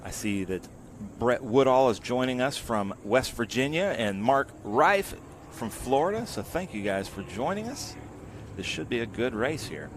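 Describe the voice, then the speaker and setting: A man's voice: mid-range voice, moderate pace. Brief: male live race commentator, conversational, over noisy track sound. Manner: chatty, reads out viewer greetings. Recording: steady noise in background.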